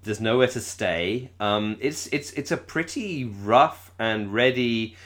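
Halting British man, fairly low voice. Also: animated, fairly bright tone. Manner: halting, repeats words often. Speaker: podcast co-host. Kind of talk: casual chat.

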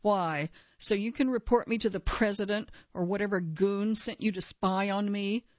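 A woman's voice: mid-range voice, fairly even intonation, normal speed, no echo, close to an everyday voice. A suspicious, dying old judge snaps and barks his accusations, as a woman reads him aloud. The recording is dry and slightly dull. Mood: suspicious, gruff. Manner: gruff, barking, suspicious. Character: paranoid dying elderly male justice, gruff.

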